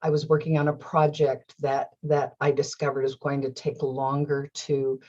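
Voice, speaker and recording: A middle-aged woman recounts a personal story to her viewers, laughing often and performing her own inner voices. Her voice sits low and a touch husky. The recording is a little dull. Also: little pitch movement, normal speed, dark tone. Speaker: host. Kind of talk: storytelling monologue.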